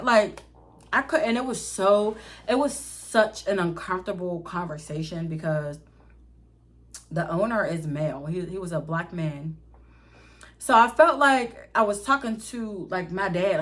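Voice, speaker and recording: A young woman. Her voice sits a little low, and she talks to her viewers in an animated way, laughing and swearing often. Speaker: vlogger telling a story. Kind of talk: casual storytime.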